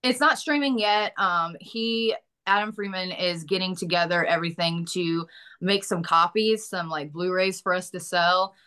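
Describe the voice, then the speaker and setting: A woman's voice: on the low side, normal speed, sharp tone, clean tone. A woman with a Southern US accent, an actress chatting casually in an interview, laughing often and swearing lightly. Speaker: actress guest.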